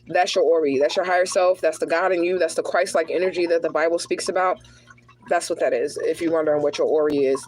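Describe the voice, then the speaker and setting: A woman's voice: fairly low pitch, darkish tone, rough recording. A woman giving a livestreamed tarot reading, talking casually and directly to her viewers, sometimes shifting into prayer-like invocations. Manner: casual, chatty, talks straight to viewers as y'all. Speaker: spiritual card reader.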